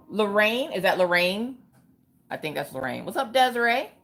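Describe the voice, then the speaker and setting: There's a faint hiss or hum as a woman with a gravelly voice hosts a relaxed livestream at normal speed. Her pitch swings lively while she names viewers, joking around with playful exclamations and chatty asides.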